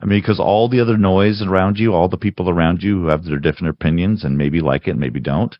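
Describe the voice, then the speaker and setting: A man's voice: sits low, quick pace, no room sound. A man co-hosting a podcast, chatting casually about films and rambling with frequent restarts. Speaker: podcast co-host. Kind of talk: casual film discussion. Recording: dull lo-fi sound, dry.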